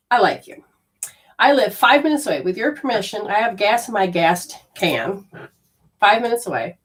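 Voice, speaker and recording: A woman's voice: mid-range voice, normal speed. Chatty woman telling a story, distant mic. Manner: acts out quoted dialogue in a lively, chatty way. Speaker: spiritual healer giving a talk. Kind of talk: personal storytelling talk.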